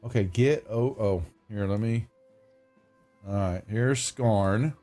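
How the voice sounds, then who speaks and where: A man's voice: on the low side, takes it slowly, dark tone, faint music behind. A man running a tabletop game online as game master, narrating casually and often breaking off mid-sentence. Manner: rambling, self-interrupting, casual.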